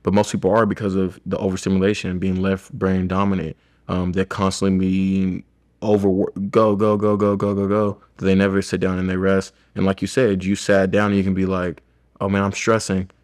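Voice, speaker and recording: A man's voice: deep voice, monotone, normal speed, darkish tone. A man who works as a chiropractor, talking casually and reflectively in a rambling conversation about his experiences.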